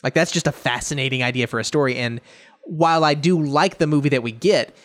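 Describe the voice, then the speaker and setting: A man's voice: fairly high pitch, brisk, a bit bright. A man hosting a movie podcast in casual discussion, laughing often and swearing freely.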